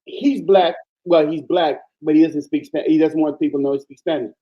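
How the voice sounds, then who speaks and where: A man from Panama, a guest in casual chat, telling stories in an animated, emphatic way over muffled lo-fi audio. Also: fairly high pitch, brisk.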